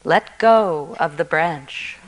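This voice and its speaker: A mighty divine voice answers from across a canyon, lower and slower than the teller's own, calm and dry, as a woman telling the story puts it on. It speaks with unhurried authority. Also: poor audio. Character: mighty booming voice of God.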